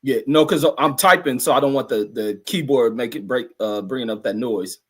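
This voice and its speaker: A man's voice: mid-range voice, normal speed, husky. A man on an online call, giving brief laid-back replies in casual chat. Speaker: guest on call.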